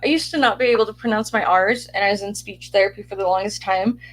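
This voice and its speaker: A woman from Utah co-hosting a casual streamed chat, chatty and upbeat with quick asides. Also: mid-range voice, fairly bright tone, poor audio. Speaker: podcast co-host.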